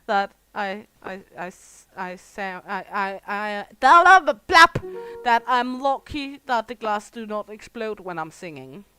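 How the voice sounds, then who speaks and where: A woman's voice: medium pitch, expressive, a little slow, hardly any pauses, a bit bright, clear, resonant tone, soft background music, low-quality recording. A middle-aged Danish woman with a Danish accent, chatting casually and swearing freely while live-streaming a store game. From Denmark. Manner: chatty, swears freely, laughs often, talks to chat.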